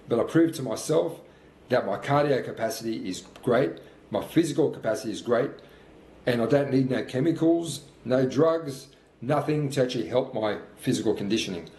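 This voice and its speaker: A man's voice: mid-range voice, mellow. A man in his fifties, out of breath between sprints, giving earnest, repetitive motivational talk in a workout vlog. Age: 50s. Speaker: fitness coach. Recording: roomy sound with faint background noise.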